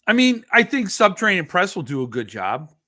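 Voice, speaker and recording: His voice sits high, pushed and bright, with a sing-song lilt and a fairly quick pace. He's a livestream host who's a bit tipsy, rambling, swearing, and self-correcting as he responds to viewer comments on a casual stream.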